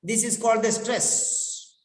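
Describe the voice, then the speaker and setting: Male pronunciation teacher, slow and high-pitched, drilling words by repetition, long echoing reverb. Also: fairly even intonation. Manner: deliberate, repeats words over and over to drill them. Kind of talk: classroom lecture with repetition drills. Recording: echoey room with long reverb.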